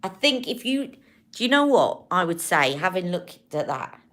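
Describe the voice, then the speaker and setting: Woman, beauty livestream host, chatty and warm with viewers, slightly low voice, speaks into a phone or webcam. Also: big pitch swings, normal speed. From United Kingdom. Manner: chatty, affectionate, emotional, rambling. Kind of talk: casual livestream chat with viewers.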